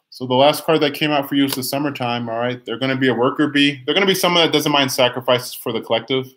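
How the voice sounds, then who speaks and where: A man's voice: mid-range voice, fairly bright tone. A young man giving live tarot readings on a stream, chatty and teasing, reading viewer comments aloud, often restarting his phrases. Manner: many restarts and drawn-out phrases, sometimes sings a line. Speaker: tarot reader.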